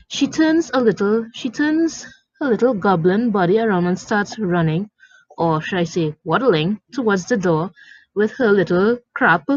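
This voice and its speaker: A woman's voice: mid-range voice, animated, normal speed, slightly rough, no room sound. A woman reading a story aloud with dramatic, indignant storytelling, in a dry, dull lo-fi recording. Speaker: story narrator.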